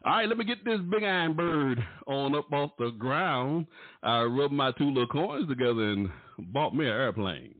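A man hosting a gospel radio show, a showy, playful announcer with sudden jumps in pitch. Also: animated, normal speed. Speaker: radio host. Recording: tinny, phone-like, dry sound.

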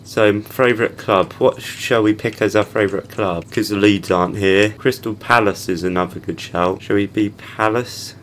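A man's voice: lowish voice, fairly even intonation, normal speed, hardly any pauses, a bit bright, a little hiss or hum. A young man giving casual gameplay commentary and heckling the game characters. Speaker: gaming channel host.

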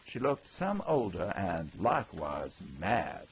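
A man narrating a folksy old-time story, with lively character voices. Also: low-pitched, slow, creaky, a little hiss or hum, rough recording. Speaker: audiobook narrator.

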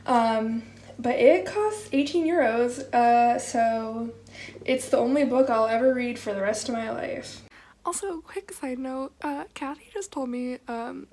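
A woman's voice: a little high, unhurried, darkish tone, low-quality recording. A woman in her twenties talking casually to her phone camera in a self-deprecating, chatty vlog. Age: 20s. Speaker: vlogger.

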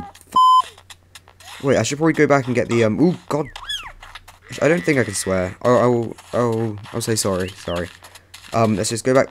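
Young male let's-play host, mid-pitched, rambling and chatty, sudden yelps, faint hiss behind. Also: expressive, fairly quick, a bit bright. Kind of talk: casual gameplay commentary.

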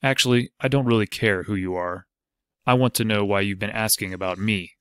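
A man's voice: on the low side, steady tone, fairly quick, clean tone, dry recording, studio quality, lightly acted. A man voicing a wary cowled outlaw leader who talks in a curt, demanding way.

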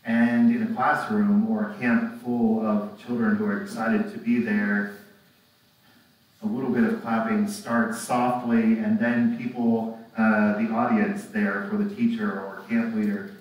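Man, pastor, slow unhurried sermon, very echoey room, distant mic. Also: lowish voice, little pitch movement. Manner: reflective, asks rhetorical tag questions.

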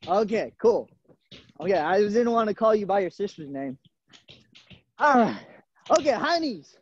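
A high-pitched, very animated man speaks at normal speed with long pauses, over dull audio and slight background noise. Through a camera mic on a video call, he runs a live online gymnastics class from a gym, encouraging the kids and calling them by nickname.

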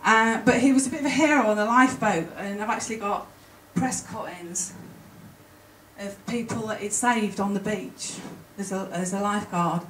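A woman giving an emotional, chatty conference talk, with halting restarts. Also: mid-range voice, a bit bright, a little hiss or hum. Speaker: conference speaker. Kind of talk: presentation to an audience. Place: conference hall. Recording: roomy hall, mic from a distance. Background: faint room ambience.

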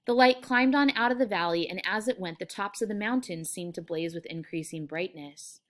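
A woman's voice: mid-range voice, normal speed. Woman teacher reading aloud to her class. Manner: explanatory, with frequent fillers. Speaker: English teacher.

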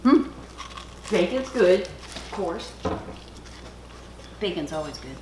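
A middle-aged woman with a Canadian accent, chatting excitedly through a cooking video at home and sometimes dropping to a whisper. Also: lowish voice, takes it slowly. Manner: chatty and excitable, drops to a whisper over food. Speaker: cooking channel host. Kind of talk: casual cooking vlog chat. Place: home kitchen. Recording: noisy home recording.

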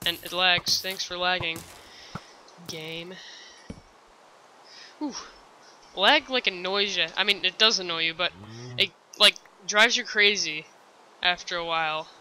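A gamer recording a let's play at home, complaining and often clearing a thick-sounding throat. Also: medium pitch, a little slow, pauses often, pushed and bright, slight background noise, low-quality recording. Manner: easily frustrated, complaining aloud. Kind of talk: casual game commentary.

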